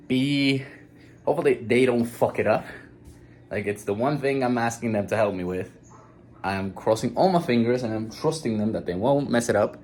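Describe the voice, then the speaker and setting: A man's voice: mid-range voice, darkish tone, a little hiss or hum. A young man talking casually while cooking in his home kitchen, swearing now and then. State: groggy morning voice. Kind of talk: casual vlog narration.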